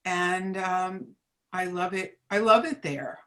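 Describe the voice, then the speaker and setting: A woman's voice: fairly low pitch, fairly even intonation, takes it slowly, bright, forceful tone. A woman in her seventies from New Jersey, reminiscing as an interview guest, hesitant, with many ums and restarts. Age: 70s. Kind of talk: casual reminiscing chat.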